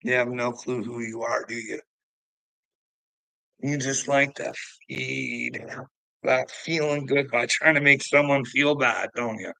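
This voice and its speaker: A man's voice: mid-range voice, fairly even intonation, takes it slowly, gravelly, sharp tone, no echo, poor audio. A man livestreaming to his chat, ranting in a profane, confrontational, goading way.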